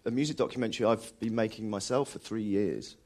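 Brief: male actor, slightly low voice, halting, restarts a lot mid-thought, live radio guest. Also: a little mellow. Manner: halting, restarts often while searching for words. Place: live radio broadcast at a film festival.

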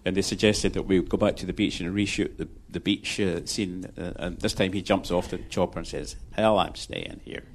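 A man with a lowish voice talks in a relaxed, rambling way, trailing off and restarting his sentences. It is easygoing live chat as a guest on a show. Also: a little fast, few pauses, slight background noise. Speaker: guest filmmaker.

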